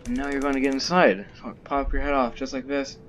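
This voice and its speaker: A man's voice: mid-range voice, fairly even intonation, brisk, fairly bright tone, lightly acted. A man voicing a pompous, bossy talking male seagull from a video game, with game music behind. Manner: haughty, bossy, reading dialogue aloud.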